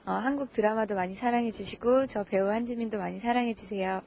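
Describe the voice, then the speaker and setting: Fast-talking woman, polite greeting. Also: medium pitch, fairly even intonation, darkish tone, slight background noise. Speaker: guest actor.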